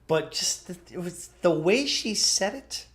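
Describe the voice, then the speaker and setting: A young man streaming from home, casually telling a story and acting out the other people's voices with big pitch jumps. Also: unhurried. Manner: animated, acts out quotes with pitch jumps. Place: home room. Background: soft background music.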